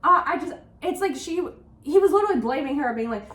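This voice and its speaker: A woman co-hosting a book podcast, talking casually and getting animated and exasperated, with lots of "like". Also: high voice, a little fast. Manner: animated, exasperated ranting with frequent "like". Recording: roomy echo.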